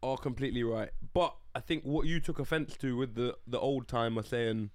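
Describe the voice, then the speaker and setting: A young man on a podcast, calm and measured, stepping in to mediate. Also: mid-range voice, no echo. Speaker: podcast co-host. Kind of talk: casual chat.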